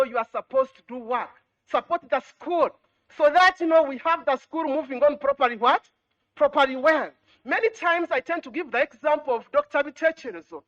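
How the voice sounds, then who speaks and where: High-voiced woman exhorting students. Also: a bit bright, muffled recording. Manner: exhorting, repetitive, with rhetorical questions; frequent "you know" fillers. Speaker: education ministry official. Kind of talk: formal address to students.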